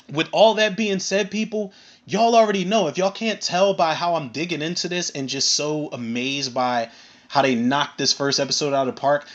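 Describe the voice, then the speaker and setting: A man recapping and reviewing a TV episode in a casual, animated and profane way, acting out bits of dialogue. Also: on the high side, dull audio. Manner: animated, profane, retells scenes with acted quotes. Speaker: film and TV reviewer.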